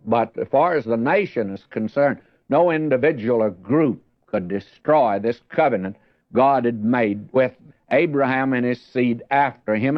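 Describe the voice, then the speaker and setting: A man's voice: medium pitch, no room sound, lo-fi sound. Folksy male pastor teaching scripture. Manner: folksy, conversational, slows down to read scripture aloud. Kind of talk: radio Bible teaching sermon.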